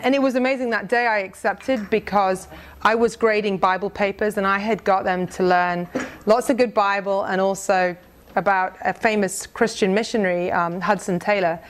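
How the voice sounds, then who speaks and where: A middle-aged woman giving a conversational, earnest faith testimony to a church group, with frequent restarts. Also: medium pitch. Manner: conversational, earnest, with many restarts and reading aloud a prayer. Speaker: speaker sharing a mission testimony.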